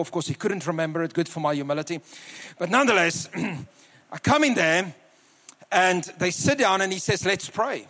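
Preacher, male, high voice, earnest storyteller, slows for emphasis; live hall reverb. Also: fairly bright tone. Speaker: guest preacher. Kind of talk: sermon with personal story. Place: large church hall.

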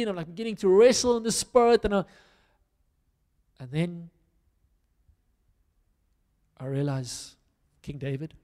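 South African male preacher, animated storyteller, self-deprecating, high pitched, reverberant hall sound. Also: fairly quick. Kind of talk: conversational sermon.

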